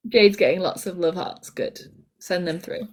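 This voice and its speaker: A woman's voice: on the low side, fairly even intonation, moderate pace, darkish tone. A young woman co-hosting a live podcast stream, reading out listener comments in a giggly, easily amused way. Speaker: podcast co-host. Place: indoors at a shared table.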